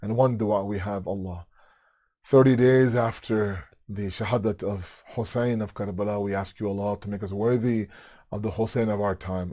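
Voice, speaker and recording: A man giving a mourning sermon in a mosque, telling the tragedy with rising passion and closing in quiet prayer. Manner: rises into high, impassioned recitation of the tragedy, then falls to low, quiet prayer. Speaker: speaker of a mourning majlis. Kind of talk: sermon with tearful mourning narration.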